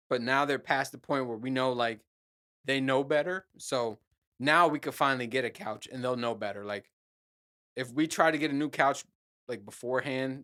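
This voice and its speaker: A man's voice: mid-range voice, fairly bright tone. Rambling, profane middle-aged man. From New Jersey. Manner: rambling, profane, self-mocking. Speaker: podcast host. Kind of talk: casual solo rant.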